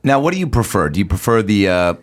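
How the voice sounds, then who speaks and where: Low-voiced joking male comedian. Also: sing-song. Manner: quick jokey banter. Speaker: comedian guest. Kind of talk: casual comedic chat.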